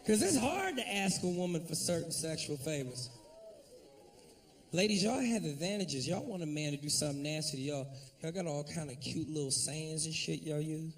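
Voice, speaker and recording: A male stand-up comic works the crowd in a profane, animated routine. His voice is high and gravelly. It sounds a little distant from the microphone. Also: moderate pace. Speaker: stand-up comedian. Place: comedy club stage.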